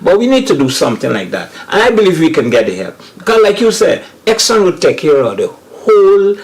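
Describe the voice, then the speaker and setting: A Guyanese man with a slightly raised pitch talks in a loose, rambling way on a panel show. He circles back and restarts phrases as he builds his point, earnest and plain-spoken. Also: wildly swooping pitch, fairly quick, rough recording. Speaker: comedian guest. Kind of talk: casual panel chat.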